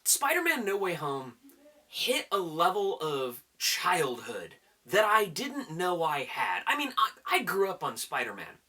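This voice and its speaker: A vlogger counts down his favorite movies in a casual way, excitable and hyping each pick, swearing freely as he goes. His voice is a little high and his pace a little slow.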